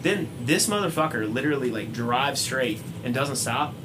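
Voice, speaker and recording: A young man, co-hosting a podcast and telling a story in a casual, animated way. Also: mid-range voice, background noise. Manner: fast, animated storytelling with acted-out quotes. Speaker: podcast co-host.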